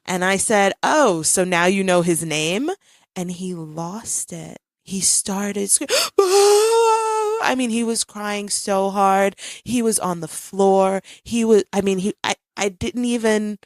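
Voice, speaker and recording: A woman's voice: mid-range voice, measured pace, no room sound, studio quality. A woman in her thirties hosting a podcast, telling a family story in casual chat with bursts of animation and laughter. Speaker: podcast host.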